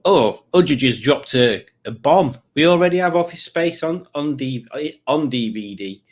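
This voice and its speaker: A man hosting a relaxed live stream. He rambles as he reads out viewer comments, pokes fun at himself and laughs easily. His voice sits in an ordinary middle register. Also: medium pitch, a little slow. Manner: rambling, self-mocking, easily amused. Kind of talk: casual live-stream chat reading comments.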